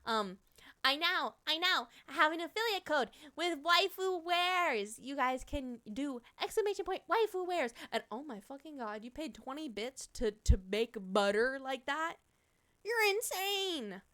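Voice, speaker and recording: A young woman streamer with a Midwestern American accent, chatting casually with viewers, animated, swearing and laughing often. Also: high voice, unhurried.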